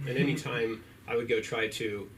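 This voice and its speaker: A man in his thirties doing a stand-up set, dry, with hesitant pauses. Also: medium pitch, steady tone. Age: 30s. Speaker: stand-up comic. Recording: club mic from far off, background noise.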